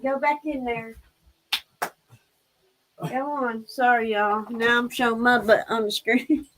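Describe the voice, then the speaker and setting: Lady on a livestream, chatty, fussing at her pets, slow easy talk. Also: a little high, fairly even intonation, fairly bright tone, slight background noise, poor audio. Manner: chatty, scolds her pets fondly, laughs often. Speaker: livestream host. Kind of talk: casual livestream chat.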